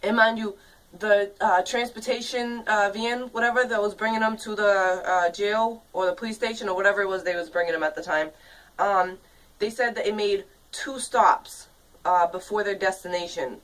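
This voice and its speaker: A woman in her thirties delivers a casual vlog rant that is angry, profane and rambling, full of fillers. Her voice is of middle pitch. She sits a little back from the microphone, so it sounds slightly distant. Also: steady tone, normal speed, fairly bright tone. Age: 30s.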